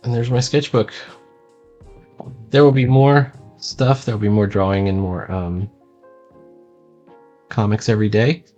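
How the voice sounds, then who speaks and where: A man's voice: fairly low pitch, fairly even intonation, a little slow, pauses often, dark tone, dull audio, soft background music. A man casually touring his own sketchbook as a cartoonist, rambling and self-deprecating, with lots of ums.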